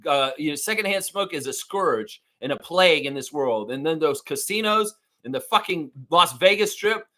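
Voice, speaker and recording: A man hosting a live sports reaction show, profane and ranting, swinging between muttering and shouting. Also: a little high, lively intonation, normal speed. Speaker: sports fan show host.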